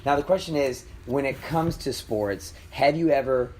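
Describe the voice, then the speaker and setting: A man's voice: mid-range voice, normal speed, a little mellow, poor audio. Man, mid-range voice, frank rambling podcast talk, faint room noise. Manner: rambling, frank, chuckling asides. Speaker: podcast co-host. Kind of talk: casual chat.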